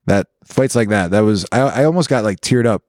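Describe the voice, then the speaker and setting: Cast: male co-host, lower voice, deadpan, dry close mic. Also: dry recording. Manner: low-key, halting, deadpan quips. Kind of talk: casual chat.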